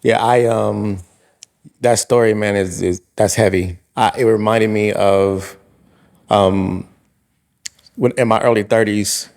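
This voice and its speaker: A man with a fairly low voice tells a long personal story on a podcast. He is in his forties and talks casually, stopping and restarting his sentences often and leaning on fillers as he goes. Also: steady tone, slow pace, creaky, pauses often, darkish tone. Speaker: podcast co-host. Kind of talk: casual chat.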